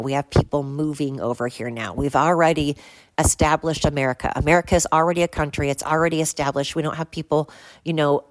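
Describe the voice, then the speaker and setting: A woman's voice: sits low, no echo. An older woman hosting a solo podcast, ranting bluntly and swearing often as she talks. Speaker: podcast host.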